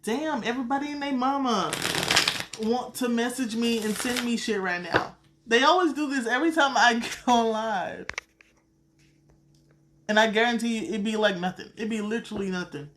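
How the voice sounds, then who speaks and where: A woman's voice: a little high, moderate pace, fairly bright tone, a little hiss or hum. Blunt Southern woman reading tarot. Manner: blunt and profane, calls viewers sweetheart. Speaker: tarot card reader. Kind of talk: casual live-stream chat.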